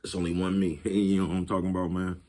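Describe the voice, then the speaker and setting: A man's voice: deep voice, little pitch movement, fast talker, dark tone, a little hiss or hum. A man, talking casually to his viewers, laid-back and repetitive, laughing at his own jokes. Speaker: vlogger. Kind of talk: casual monologue to camera.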